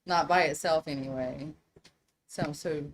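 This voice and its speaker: Animated Southern woman hosting a live chat. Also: deep voice, a little slow, poor audio. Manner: animated, laughs often, greets viewers. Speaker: livestream host.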